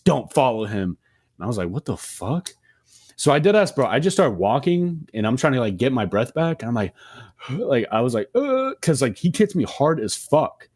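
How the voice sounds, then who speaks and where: A young man co-hosting a podcast, telling a story in a slangy, profane, animated way. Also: medium pitch, a little fast. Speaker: podcast co-host. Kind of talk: casual storytelling chat.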